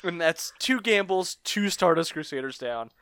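A man co-hosting a casual anime podcast, enthusiastic and quick to laugh. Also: sits high, expressive, fairly bright tone, clean tone, no room sound, studio quality. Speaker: podcast co-host.

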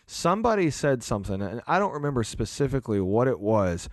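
Casting: man, podcast host and church leader, earnest loose chat, mid pitch, dry close mic. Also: big pitch swings, a little fast, no room sound. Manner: earnest, rambling with restarts and fillers.

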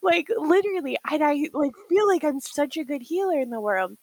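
A young woman telling stories in a casual podcast chat, animated and laughing often, acting out what others said. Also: sits high, fairly quick, no echo, rough recording. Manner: animated, acts out quoted voices, laughs often.

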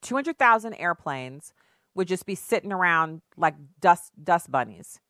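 Casting note: woman commentator, sarcastic and emphatic, lower voice, dry close sound. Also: very animated, measured pace, a bit bright, no room sound. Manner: sarcastic, emphatic, rhetorical questions. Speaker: political commentary host. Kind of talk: opinionated political commentary.

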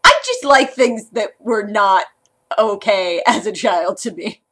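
A woman co-hosting a casual movie podcast, animated and self-mocking, often laughing. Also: medium pitch, unhurried, slightly rough. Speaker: podcast co-host.

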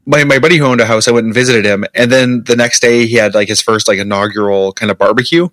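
A man's voice: mid-range voice, steady tone, fast, a bit bright, dry recording. Guy on a podcast mic, rambly and laughy, lots of likes, dry sound. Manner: rambling, filler-heavy, laughs often. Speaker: podcast co-host. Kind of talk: casual chat.

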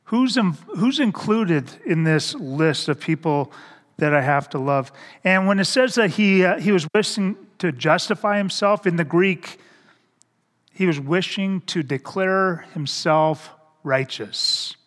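Slow-preaching middle-aged male pastor in a reverberant hall. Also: high-pitched, animated. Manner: slow, halting delivery with repeated words and rhetorical questions. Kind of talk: sermon.

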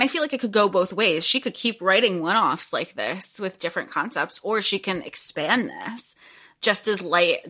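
A woman's voice: medium pitch, pushed and bright. A woman co-hosting a podcast, thinking aloud about a story in a casual, laughing way. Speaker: podcast co-host. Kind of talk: casual book discussion.

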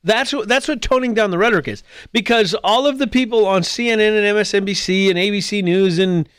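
A man with a high-pitched voice delivers a political commentary monologue as host of his own show. He argues his case with pointed emphasis, close to the mic in a dry space. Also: brisk, a bit bright, clean tone, dry recording. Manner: argumentative, with mocking mimicry of squabbling voices. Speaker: podcast host.

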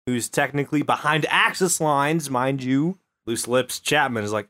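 A man's voice: medium pitch, moderate pace, few pauses, pushed and bright. A man hosting a comedy podcast, telling a history story casually with crude asides. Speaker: podcast host.

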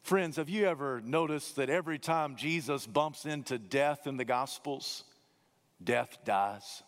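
A man delivers a sermon with dramatic emphasis, stretching key words and swinging his pitch up and down. His voice sits a bit high for a man. The sound carries a long reverb, as from a large church sanctuary. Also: normal speed. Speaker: preacher.

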